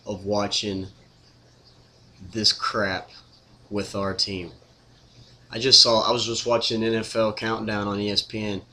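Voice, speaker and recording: A man's voice: fairly low pitch, bright, forceful tone, a little hiss or hum. A man ranting casually to camera as a sports fan, exasperated, repetitive and blunt.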